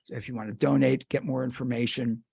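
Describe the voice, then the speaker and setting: Gravelly, emotional male podcast host. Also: medium pitch, steady tone, quick pace, darkish tone, dry recording. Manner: emotional, rambling, self-deprecating. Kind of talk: casual interview chat.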